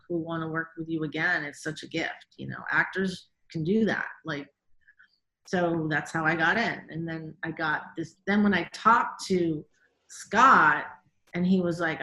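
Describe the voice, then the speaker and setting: Animated woman guest director, bright-toned, chatty, roomy sound. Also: fairly low pitch. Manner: animated, quick, many "like"s and quoted reactions. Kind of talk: casual interview storytelling.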